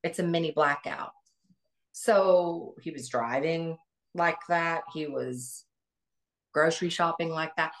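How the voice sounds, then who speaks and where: A woman's voice: low-pitched, slow. A middle-aged woman, a guest on an interview, recalling family memories in an earnest, reflective way with many restarts. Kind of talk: interview, personal recollection.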